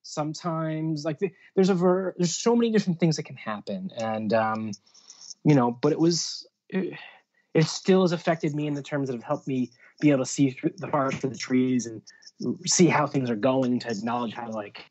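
A little high and a little mellow, this music booking agent's voice moves at normal speed with lively intonation. As a guest in a casual interview, he rambles through career stories with frequent fillers and restarts, captured in dull lo-fi sound.

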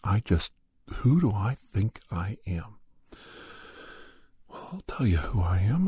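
A man's voice: on the low side, mellow, husky, no room sound, studio quality. A man in a Grinch costume telling a rambling comedic story, digressive and often half whispering.

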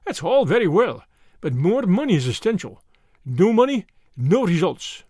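A man's voice: high-pitched, very animated, moderate pace, darkish tone, slightly rough, dry recording, studio quality, full character voice. A man voicing a demanding Irish rebel with a rich voice and an Irish accent. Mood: insistent.

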